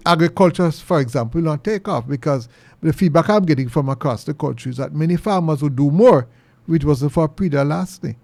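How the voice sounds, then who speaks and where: A middle-aged Jamaican man hosting a commentary show, talking earnestly and preachily, his pitch jumping high when he presses a point. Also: a little fast, gravelly, a little mellow, no echo. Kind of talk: opinion monologue.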